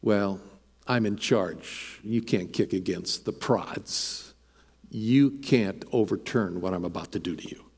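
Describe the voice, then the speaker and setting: A man voicing the risen Jesus as a calm, commanding figure, speaking low, slow and firm. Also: slightly rough, long reverb tail.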